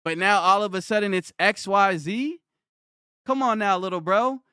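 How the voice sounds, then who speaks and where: High-pitched guy ranting at his stream chat, mocking and combative, keeps repeating himself, dry sound. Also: moderate pace, pushed and bright, clean tone, dry recording. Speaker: livestreamer. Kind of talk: livestream rant answering chat.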